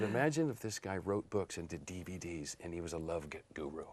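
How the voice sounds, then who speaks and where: A man in his fifties, an actor and model, telling stories about his career in a relaxed interview, often laughing. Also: on the low side, quick pace, hardly any pauses, no echo. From Portland area, United States. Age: 50s. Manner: animated storyteller, laughs often. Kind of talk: casual interview chat.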